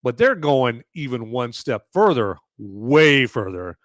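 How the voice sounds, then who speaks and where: Rambling, animated man hosting a livestream. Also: medium pitch, takes it slowly, no room sound, clean studio sound. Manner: rambling and emphatic, repeats words, says "okay?" often; thanks viewers by name for donations. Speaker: podcast host reviewing a movie on a livestream. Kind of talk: casual live-stream talk.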